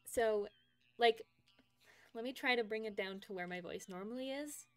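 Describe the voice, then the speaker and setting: A woman's voice: on the high side, normal speed, dry recording. A young woman streaming from home, chatting casually with her viewers, laughing often as she reads out their messages. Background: faint game music.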